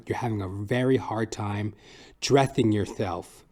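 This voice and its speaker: A man's voice: normal speed, warm tone. A man hosting a comedy podcast, rambling and swearing through a solo monologue. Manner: profane, rambling, jumps into high silly voices. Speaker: podcast host.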